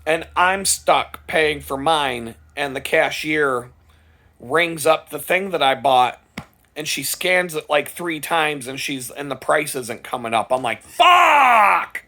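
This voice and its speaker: A man telling a rambling, profane story in a casual vlog. He gets louder and higher as it builds. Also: unhurried. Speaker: vlogger.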